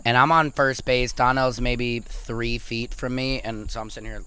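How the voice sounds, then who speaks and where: A man guests on a podcast with a bright, forceful voice. He tells a funny story in casual chat and jumps into a squeaky high voice when he quotes people. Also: steady tone, normal speed, hardly any pauses, clear, resonant tone.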